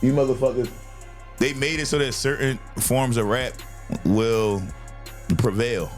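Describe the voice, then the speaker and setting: Dude hosting a podcast, cursing a lot, telling wild stories, music low in the back. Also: male voice, unhurried. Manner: profane, animated storyteller. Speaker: podcast host, comedian. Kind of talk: casual chat.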